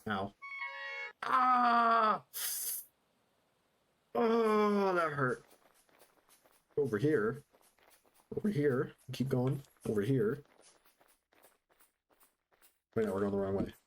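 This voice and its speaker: A man's voice: mid-range voice, unhurried, long pauses. A man streaming himself playing a building game, chatting casually to viewers as he plays. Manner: chatty, talks to chat while building. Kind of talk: casual live-stream gameplay commentary.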